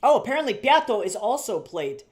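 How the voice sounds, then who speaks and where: A chatty, rambling streamer talks casually while drawing at home. The voice sits at an everyday middle pitch and wanders through self-corrections and repeated phrases. Casual swearing slips in along the way. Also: very animated, fairly quick. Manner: swears casually and laughs at own jokes. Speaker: artist streaming live commission work.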